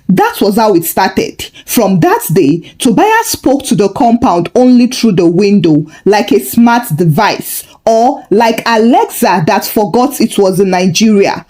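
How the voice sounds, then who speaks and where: A woman storyteller narrating a folktale in a lively, expressive way. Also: mid-range voice, measured pace, hardly any pauses.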